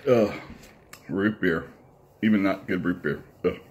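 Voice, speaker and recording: A man's voice: low-pitched, a little slow, a little mellow, slight background noise. A man who owns a comic shop, giving a casual, rambling, blunt review while he eats.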